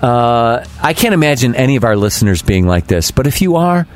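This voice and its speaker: A man's voice: medium pitch, very animated, fairly quick. A man hosting a podcast, telling stories in a casual, heated way, swearing freely and imitating people. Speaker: podcast host. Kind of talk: casual profane storytelling.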